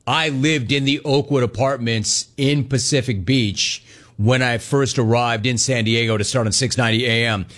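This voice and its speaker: Brash radio host taking calls. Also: male voice, mid-range voice, normal speed. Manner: brash, animated, riffing and repeating punchy words. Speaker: radio talk show host. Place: radio studio.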